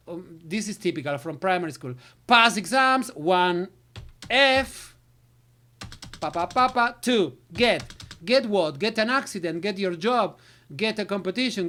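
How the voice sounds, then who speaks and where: A woman's voice: fairly low pitch, fairly bright tone. Woman English teacher, casual lesson voice, trails off into filler syllables. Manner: filler syllables, switches to Spanish. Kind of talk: recorded lesson walkthrough.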